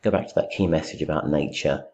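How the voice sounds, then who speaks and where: A man's voice: extremely low pitch, fast, darkish tone, highs cut off. A middle-aged man teaching a poetry commentary, thinking aloud with many fillers and restarts. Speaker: English literature teacher. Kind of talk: recorded lecture, poetry commentary.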